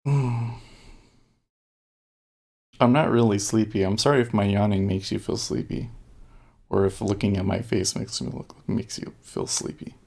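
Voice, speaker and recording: A man's voice: fairly low pitch, fairly even intonation, normal speed, vocal fry, darkish tone. A man casually thinking aloud as he day-trades on a live stream, talking in fits and starts. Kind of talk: casual live-stream commentary while trading.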